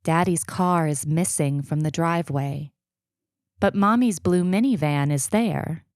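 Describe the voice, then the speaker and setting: A woman narrating a short story in an unhurried, even storytelling manner. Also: deep voice, dry recording, studio quality. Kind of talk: audiobook reading.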